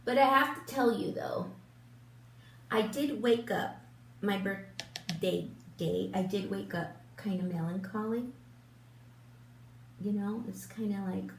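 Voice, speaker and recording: Older woman rambling slowly in a roomy space. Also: mid-range voice, gravelly. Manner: rambling and chatty, many fillers and restarts, laughs often. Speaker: beauty vlogger. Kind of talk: casual chat while doing makeup. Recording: roomy, distant mic, faint hum.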